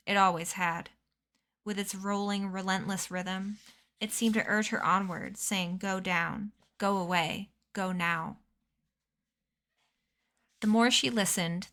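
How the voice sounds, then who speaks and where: Woman reading a novel aloud. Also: mid-range voice. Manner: measured storytelling, dropping soft and quiet at tense moments. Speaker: streamer reading a book aloud.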